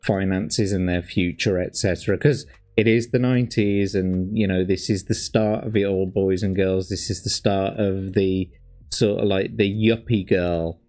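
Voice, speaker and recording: A man's voice: low-pitched, fairly even intonation, normal speed, a little mellow. A man from Birmingham with a light Birmingham accent, rambling, sweary, casual commentary with plenty of fillers as he reviews old adverts. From Birmingham, England.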